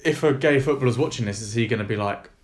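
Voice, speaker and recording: A man's voice: mid-range voice, fast talker. A man, co-hosting a podcast and asking thoughtful questions in a casual chat. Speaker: podcast co-host.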